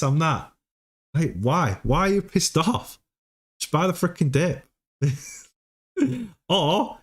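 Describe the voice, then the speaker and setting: A man hosting a crypto livestream, talking casually and emphatically, often checking in with "okay?". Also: a little high. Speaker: crypto stream host. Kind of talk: casual advice monologue.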